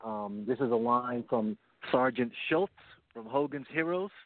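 A man's voice: mid-range voice, lively intonation, measured pace, no room sound. A man co-hosting a recovery talk show, explaining in an earnest way with many repeated phrases, heard over a phone line. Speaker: podcast co-host. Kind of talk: casual radio show talk. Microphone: phone line, not his headset.

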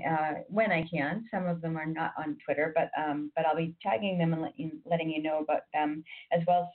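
A chatty woman hosts a radio program, rambling through announcements with plenty of ums and restarts. Her voice sits a little low and sounds thin and tinny, as if heard over a phone line. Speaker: radio host. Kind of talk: casual radio chat.

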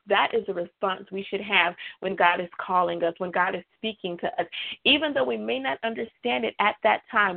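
A woman's voice: mid-range voice, vocal fry. A woman preaching a sermon, emphatic, with repeated refrains. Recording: tinny phone-like dry sound.

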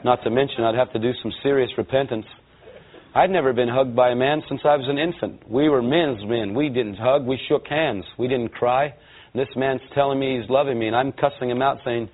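Male guest speaker, from Los Angeles, lively testimony storyteller, middle pitch, tinny phone-like audio. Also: a little fast. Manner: lively storyteller who acts out voices and quotes. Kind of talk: storytelling testimony before a church audience. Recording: tinny, narrow-band sound.

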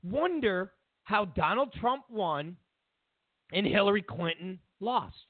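A man hosting a talk show, giving opinionated political commentary in an animated, rambling way, with restarts and mocking quoted voices. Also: sits high, slow, dry recording. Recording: dry, phone-like narrow sound.

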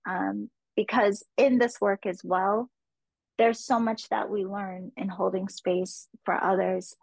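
A woman's voice: medium pitch, no echo, rough recording. Dry-sounding woman podcast host. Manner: affectionate, rambling questions. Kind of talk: conversational interview.

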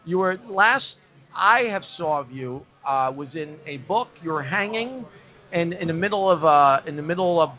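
A man's voice: a little high, lively intonation, normal speed. A man hosting a casual comedy talk show from a pub, rambling and often repeating himself. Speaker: host. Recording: tinny phone-like sound.

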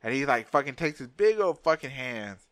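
Profane animated man telling a story. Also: mid-range voice, moderate pace, dry recording. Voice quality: profane, animated, acts out voices in anecdotes. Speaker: podcast co-host. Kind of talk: casual storytelling chat.

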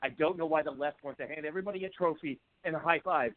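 Fired-up male caller, a bit hoarse, phone-quality audio. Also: fairly high pitch, quick pace, no room sound. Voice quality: voice turning hoarse. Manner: heated, fired-up. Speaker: call-in guest. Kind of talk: political call-in rant. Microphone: phone call. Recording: tinny phone line.

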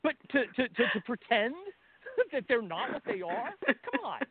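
A man's voice: extremely high pitch, huge pitch swings, measured pace, slightly rough, dry recording. A middle-aged man from California, a guest on a talk radio show, talking in a blunt, combative and sarcastic way. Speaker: guest commentator. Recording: dry, tinny phone line.

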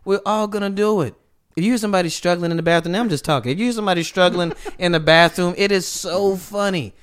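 High, bright-voiced man telling comic stories. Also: fast, smooth. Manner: animated storyteller, laughing through his own jokes. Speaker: podcast co-host. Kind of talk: comedic sports talk chat. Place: live recording event.

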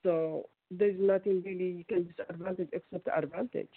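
Halting Ethiopian woman on the phone. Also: fairly low pitch, fairly even intonation, slightly rough, no room sound. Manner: halting, many restarts and fillers. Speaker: guest caller. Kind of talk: radio call-in interview. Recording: tinny phone line.

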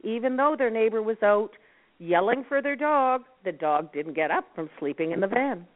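A woman from Nova Scotia who founded a dog rescue network, calmly giving advice as a guest on a radio talk show. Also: a little high, normal speed. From Nova Scotia, Canada. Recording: tinny phone line.

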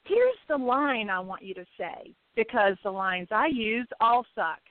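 A woman chatting casually about spiritual experiences, animated and laughing often as she acts out her own inner dialogue. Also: fairly high pitch, unhurried. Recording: tinny phone-line sound.

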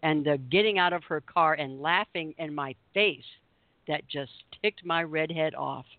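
Woman co-host, animated storyteller, narrow phone-like sound. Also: low voice, a little slow, no echo. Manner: animated storyteller acting out quotes. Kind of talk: casual radio chat.

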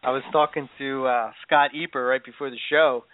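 A man's voice: mid-range voice, steady tone, normal speed, dry recording. A man hosting a podcast in casual chat, hesitant with many fillers and easy laughter. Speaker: podcast host. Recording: dry, tinny phone-like audio.

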